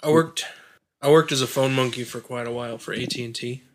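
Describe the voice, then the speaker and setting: A man's voice: mid-range voice, steady tone, fairly quick, slight background noise. A man in casual chat, wry and profane.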